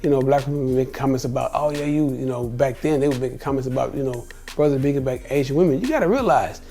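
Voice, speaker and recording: A man's voice: mid-range voice, fast talker, dark tone, soft background music. A man in his fifties, a travel vlogger, telling stories in a casual monologue, emphatic and repetitive, acting out the dialogue as he goes.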